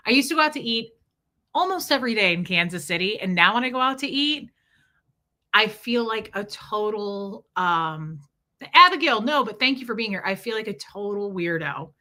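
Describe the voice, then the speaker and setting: A woman's voice: mid-range voice, animated, normal speed, sharp tone. A woman chatting casually on a livestream, rambling from story to story and greeting viewers by name.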